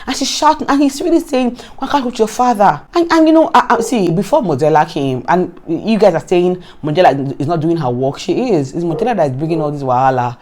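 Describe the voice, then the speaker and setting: A Nigerian woman vlogger recapping a reality show in casual, animated commentary, often exasperated and repeating herself. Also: lowish voice, brisk, hardly any pauses, a little hiss or hum.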